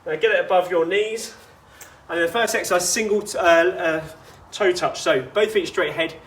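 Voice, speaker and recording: High-voiced fitness coach outdoors. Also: male voice, normal speed, a bit bright, a little hiss or hum. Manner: chatty, instructive, with personal asides. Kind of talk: guided workout instruction.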